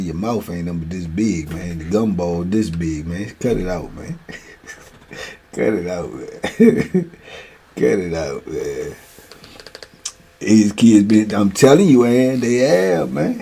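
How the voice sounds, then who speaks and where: A middle-aged man hosting a streamed show, telling lively stories in a casual way, laughing often and tagging lines with "man.". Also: fairly low pitch, slight background noise. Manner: animated, laughs often, repeats "man" a lot. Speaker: show host. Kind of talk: casual storytelling chat. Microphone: streaming mic.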